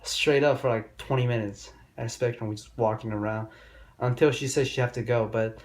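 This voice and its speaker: A man's voice: mid-range voice, steady tone, normal speed. A young man vlogging dating advice in a loose, rambling, profane storytelling manner with loose grammar. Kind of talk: casual storytelling monologue.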